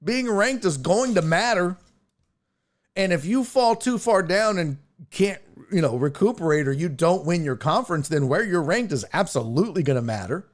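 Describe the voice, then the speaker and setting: A man's voice: high voice, lively intonation, moderate pace. A man hosting a casual sports talk show, brash and profane. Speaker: sports podcast host.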